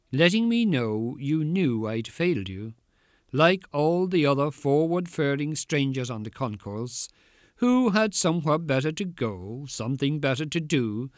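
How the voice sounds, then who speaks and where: A man giving a poetry reading in a rhythmic, incantatory way, pausing for effect. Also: mid-range voice, dry recording, clean studio sound. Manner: rhythmic, incantatory delivery with dramatic pauses. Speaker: poet.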